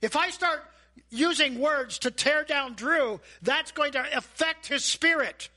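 A man preaching a sermon as a pastor, animated and asking the congregation questions. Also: very high voice, measured pace. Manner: animated, acts out voices and asides; asks the audience questions.

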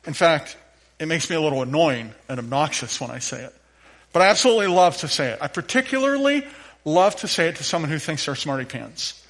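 A pastor delivering a sermon in a church, his voice sitting a touch high for a man. He preaches in a playful, animated way and draws the congregation into the fun. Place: church sanctuary.

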